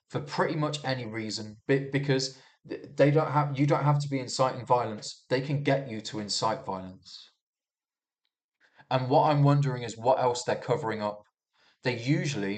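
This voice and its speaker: A man riffing on the news in a loose, unscripted monologue. He talks heatedly, trips over his words and restarts sentences often, and swears freely along the way. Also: medium pitch. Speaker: commentator reviewing the news. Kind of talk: casual rambling monologue.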